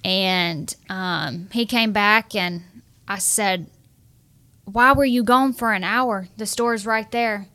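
A woman's voice: medium pitch, takes it slowly. A young adult woman earnestly telling a personal story from her marriage, acting out the dialogue. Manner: earnest, animated, acts out quoted dialogue.

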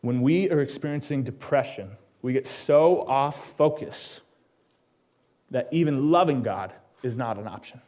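A man preaching a personal sermon in a church, telling his story and turning to ask the congregation quick questions, going quiet and low on the solemn lines. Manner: drops to a hushed tone on solemn lines. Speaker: pastor.

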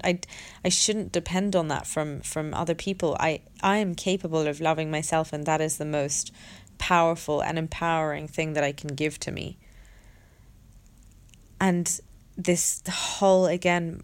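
Earnest woman with a low, dry voice. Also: fairly even intonation. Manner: reflective, halting, many restarts and fillers; earnest and open, swears casually. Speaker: vlogger sharing a personal story. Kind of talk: candid personal monologue.

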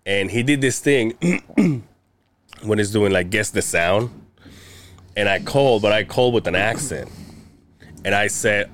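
A man's voice: on the low side, unhurried, long pauses, a bit bright, a little hiss or hum. A man co-hosting a casual podcast, rambling through stories, swearing and laughing often. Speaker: podcast co-host. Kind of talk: casual chat.

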